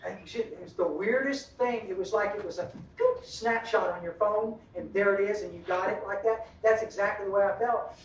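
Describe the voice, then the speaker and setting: A man's voice: high-pitched, steady tone, a little fast, few pauses, a little hiss or hum. Guy telling a folksy rambling story at a meeting, roomy hall, sounds far off and kinda muffled. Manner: folksy, rambling, laughs at his own stories. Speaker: recovery meeting speaker. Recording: echoey hall, distant dull mic.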